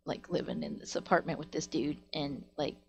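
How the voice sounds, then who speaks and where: Chatty low-voiced woman telling stories on stream. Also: fairly even intonation, fairly quick, vocal fry. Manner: rambling, filler-heavy with frequent "like". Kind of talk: casual storytelling to live chat.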